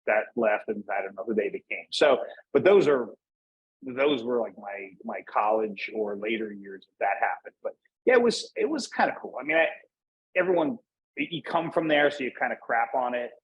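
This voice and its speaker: A man's voice: mid-range voice, moderate pace, breathy edge, lo-fi sound. A man from Northeast Pennsylvania, a guest in a casual interview, talking in a rambling way with many fillers and restarts. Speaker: podcast guest.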